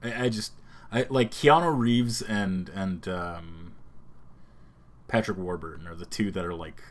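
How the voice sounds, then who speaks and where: A man co-hosting a casual streamed podcast, rambling and animated, often slipping into quick voice impressions. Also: low-pitched. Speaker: podcast co-host. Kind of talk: casual chat. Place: home streaming setup.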